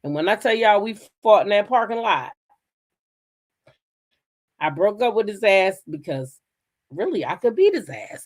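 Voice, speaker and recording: A woman hosting her own channel, telling stories in a blunt, profane, animated style. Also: mid-range voice, measured pace, pauses often. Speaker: channel host. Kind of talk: casual commentary chat.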